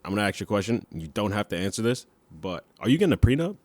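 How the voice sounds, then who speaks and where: A man's voice: on the low side, very animated, very fast, no room sound. A man co-hosting a comedy podcast, dropping wry, laid-back asides. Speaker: podcast co-host. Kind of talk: casual comedy podcast banter.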